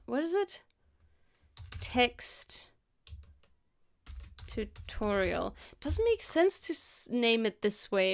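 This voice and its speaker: Slow, smooth-voiced woman with a German accent. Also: on the high side, fairly bright tone. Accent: German, mixed with British English. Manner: thinks aloud, hesitant with many fillers and self-corrections. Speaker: motion designer and video editor live-streaming her work. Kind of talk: casual live-stream narration while editing.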